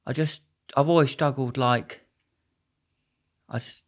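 Brief: male guest, casual storyteller, rambles and jokes, mid-pitched. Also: fairly even intonation, measured pace. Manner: rambling, jokey, restarts a lot.

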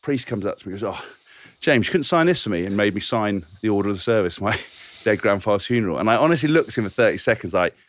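A man co-hosting a podcast, telling rambling, animated stories in casual chat. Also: lowish voice, very fast, few pauses. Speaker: podcast co-host.

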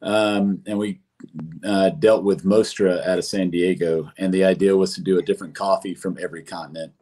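A man's voice: deep voice, steady tone, brisk, dark tone. A man, a brewery co-founder, talking casually as a guest, rambling with many fillers and restarts. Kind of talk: casual chat.

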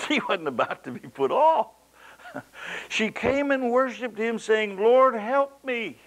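A male preacher with a gravelly voice delivers an animated sermon. His voice swings dramatically, and he breaks into folksy storytelling asides and small chuckles. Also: high voice, slow pace, poor audio.

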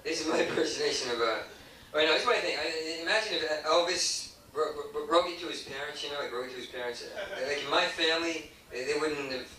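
A man's voice: a little high, quick pace, pushed and bright. A man emceeing in a comedy club, doing crude, rambling, self-mocking stand-up that jumps between bits. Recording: echoey club, heard from far off, faint hiss.

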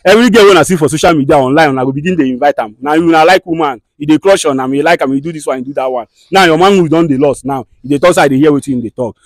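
Fast-talking Nigerian man hosting a skit. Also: fairly high pitch, dry recording, clean studio sound. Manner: fast, scolding and soothing by turns. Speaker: skit host and mediator. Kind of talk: comedy skit with direct address.

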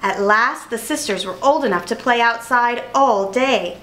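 A woman reading a children's picture book aloud with clear, expressive narration. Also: fairly high pitch, a little slow, poor audio. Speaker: storyteller.

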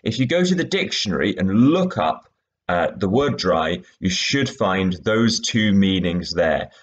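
Man, teacher, fairly low voice, animated pitch, patient explanations. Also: measured pace, muffled recording. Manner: clear, patient explaining with fillers. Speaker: English teacher. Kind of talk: recorded lesson with read-aloud extracts.

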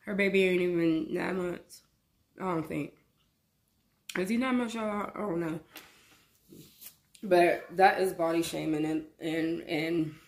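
A woman's voice: on the low side, vocal fry. A woman giving a casual, emphatic reaction commentary to her viewers, often repeating words for stress. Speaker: reaction vlogger.

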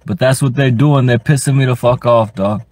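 A man's voice: mid-range voice, fairly even intonation, normal speed, a little mellow, no echo. Male livestreamer in a parked car, fed up, swears a lot, stumbles and repeats words, mid-range voice. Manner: frustrated, profane, stammers and repeats words. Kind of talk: rambling live stream to chat.

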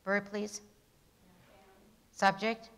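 Bright, emphatic woman teaching grammar. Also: mid-range voice, flat delivery, very slow, gravelly, clean tone, low-quality recording. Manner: question-and-answer drilling, emphatic on key words. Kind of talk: classroom grammar lesson.

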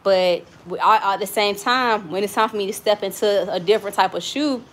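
A woman's voice: mid-range voice, fairly quick, a bit bright, a little hiss or hum. A young adult woman with a Southern US accent, chatting casually and frankly while cooking in her home kitchen, telling stories and swearing freely. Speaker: cooking vlogger.

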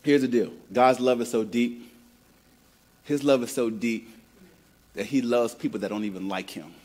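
This Midwestern American pastor preaches a conversational sermon in a medium-pitched, slightly mellow voice with fairly even intonation and a moderate pace. He often repeats words while building a point and prompts the congregation to say phrases back to him.

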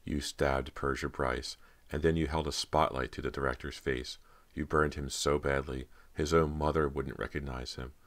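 A man's voice: a bass voice, dry recording. A man doing a cold cruel teenage ghost. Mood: mocking. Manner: flat, slow and cold. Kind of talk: audiobook character voice.

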